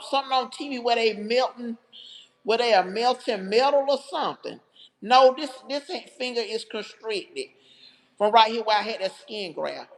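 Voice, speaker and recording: A woman talks straight to her livestream viewers. Her voice sits a little high, and her storytelling is heartfelt and chatty, full of asides to the chat. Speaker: livestream host.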